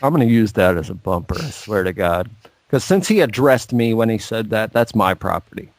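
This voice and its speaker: A man's voice: on the low side, expressive, brisk, dry recording. A man co-hosting a podcast in casual chat, telling rambling stories and swearing freely. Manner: profane, rambling storytelling. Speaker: podcast co-host. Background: faint music.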